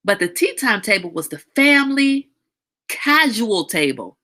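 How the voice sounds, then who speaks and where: A middle-aged woman hosting a casual livestream talk, outspoken and animated, now and then slipping into a high sing-song voice. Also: unhurried. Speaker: host.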